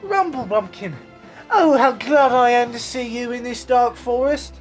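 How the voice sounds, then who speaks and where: A woman's voice: on the high side, measured pace, faint music behind, natural voice. A woman voicing a timid, whiny young boy who is a prince.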